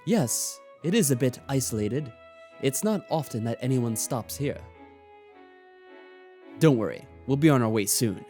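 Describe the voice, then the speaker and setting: A man's voice: mid-range voice, lively intonation, measured pace, pauses often, dark tone, faint music behind, lightly acted. A man reading a courteous wealthy mansion owner. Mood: polite, composed. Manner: tries for posh but stays near own voice. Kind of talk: let's play reading of a visual novel.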